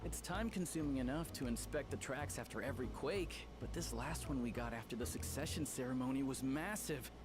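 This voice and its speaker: An actor playing an earnest, polite young railway worker in a video game. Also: male voice, medium pitch, a little fast, few pauses, close to an everyday voice. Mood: eager. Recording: game audio with loud background music.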